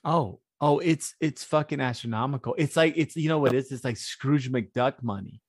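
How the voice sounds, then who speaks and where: A man's voice: mid-range voice, moderate pace, husky, no echo, studio quality. A man co-hosting a podcast in casual chat, joking crudely and laughing often. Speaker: podcast co-host.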